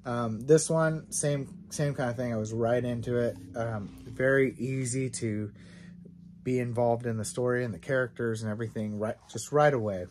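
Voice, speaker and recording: A man's voice: mid-range voice, fairly even intonation, moderate pace, a little mellow, slight background noise. A man hosting a casual book review vlog, talking enthusiastically and rambling with many fillers and restarts. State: out of breath, sore throat.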